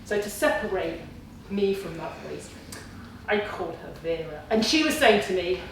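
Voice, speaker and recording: A woman in her forties speaks to a class, telling her story with lively acted-out quotes. She stands away from the microphone in a strongly echoing hall with faint room noise behind her. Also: medium pitch, normal speed. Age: 40s. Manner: storytelling, animated, acts out her own inner voice. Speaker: kickboxing student giving a talk. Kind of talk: speech to a class. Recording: distant and very echoey with faint ambience.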